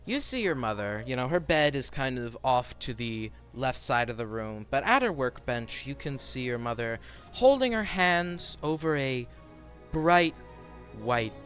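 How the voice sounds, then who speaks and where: A man's voice: mid-range voice, big pitch swings, a little slow, a bit bright, faint music behind. A man narrating a tabletop game as game master in a loose, rambling way. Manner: loose, rambling, lots of fillers and restarts.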